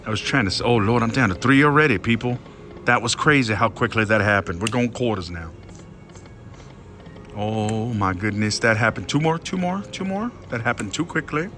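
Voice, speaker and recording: A man commenting excitedly on his own slot machine play, talking to his viewers and swinging between hushed worry and loud outbursts. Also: on the low side, moderate pace, faint music behind.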